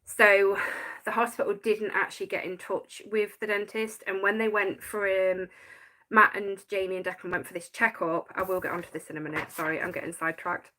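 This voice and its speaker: A woman's voice: mid-range voice, level tone, brisk, bright, forceful tone. A woman chatting casually on a live stream, rambling and getting sidetracked while she reads viewers' comments. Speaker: paranormal vlogger.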